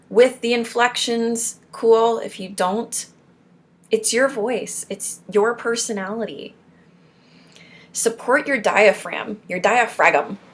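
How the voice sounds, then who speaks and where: A young Florida woman with a mid-range, fairly bright voice and some vocal fry reads through speech exercises as a support group host. Between the read points she drops in encouraging pep-talk asides.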